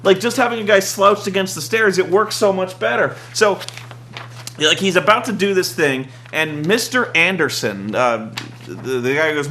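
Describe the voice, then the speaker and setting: High, bright-voiced young man ranting. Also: animated, a little slow, slight background noise. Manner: rambling, sarcastic, mocks with shouted impressions. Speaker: podcast host recapping wrestling. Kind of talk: casual rant.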